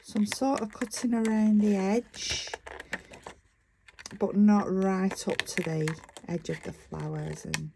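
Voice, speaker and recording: Slow-talking Lancashire woman crafting. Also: medium pitch, fairly even intonation, vocal fry, noisy background. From northern England. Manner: chatty, self-interrupting, talking while working. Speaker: craft vlogger. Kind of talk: casual crafting tutorial.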